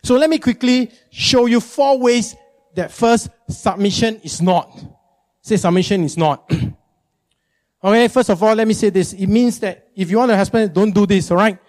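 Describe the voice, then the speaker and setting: High-voiced preacher. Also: male voice, normal speed. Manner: animated, emphatic, jumps into high mimicking. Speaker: pastor. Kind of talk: sermon.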